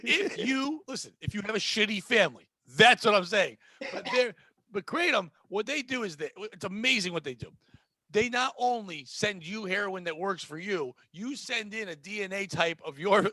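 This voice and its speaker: A man's voice: sits high, pushed and bright, no room sound. A man hosting a comedy podcast who tells stories casually, swears freely and acts out the people he quotes.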